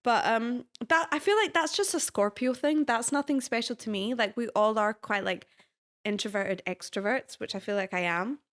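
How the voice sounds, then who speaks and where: A woman in her twenties with a Scottish accent, chatting as a podcast guest in an animated way and laughing easily. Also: a little high, moderate pace. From Scotland. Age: 20s. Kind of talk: casual interview chat.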